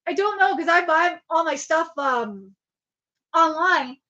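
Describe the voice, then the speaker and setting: Casting: young woman streamer, high and bright, rambling and swearing at a webcam. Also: animated, a little slow, dull audio. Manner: rambling, swearing, emphatic repeats. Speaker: livestream host. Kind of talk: casual livestream chat. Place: home room with laptop at a desk.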